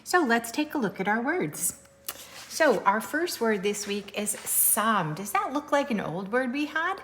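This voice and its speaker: Teacher lady spelling words out slow for little kids, kinda singsongy, bright voice. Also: on the high side, sing-song, a little hiss or hum. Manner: slow, sing-song spelling aloud with playful voices. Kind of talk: recorded sight-word lesson for young children.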